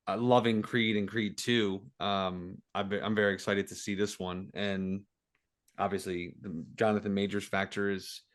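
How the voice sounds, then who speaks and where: A male podcast co-host sharing his take in casual chat. He speaks in a low register and pauses often to search for the next word. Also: fairly bright tone. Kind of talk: casual movie review chat.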